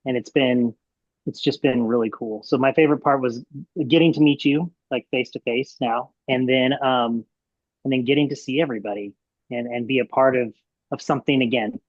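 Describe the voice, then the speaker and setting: A man's voice: mid-range voice, fairly even intonation, a little fast, no echo. A man who works as a teacher, talking casually as an interview guest and rambling with lots of fillers. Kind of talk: casual video call interview. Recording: dry, dull lo-fi sound.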